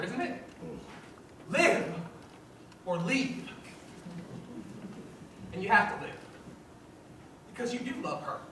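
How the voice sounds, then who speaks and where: A wistful fan of old musicals, chatting confidingly to the audience in a live stage show. His voice is bright with lively pitch. It comes from far off in a very reverberant hall. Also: a little hiss or hum, full character voice. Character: wistful middle-aged man, musical fan narrator. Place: school theater stage. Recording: very echoey hall, distant mic.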